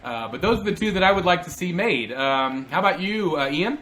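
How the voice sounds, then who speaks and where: Bright-voiced man, joking panel chat. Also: on the high side, animated, brisk, slight background noise. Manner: joking, says "mate" and "bloody". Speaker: co-host. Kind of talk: casual chat.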